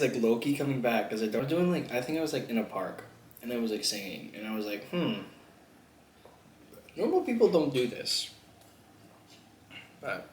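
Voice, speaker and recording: A young man vlogging a mukbang, chatting loosely between bites, swearing and laughing often. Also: medium pitch. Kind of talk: casual chat while eating. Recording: echoey room, faint background noise.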